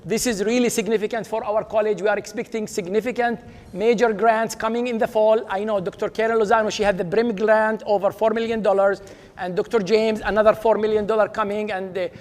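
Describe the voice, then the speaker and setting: High-voiced man hosting an awards ceremony. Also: steady tone, fairly quick, a little mellow. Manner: upbeat, leads applause, names honorees. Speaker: dean presenting awards. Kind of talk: ceremony speech. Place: large auditorium. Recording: reverberant auditorium with audience.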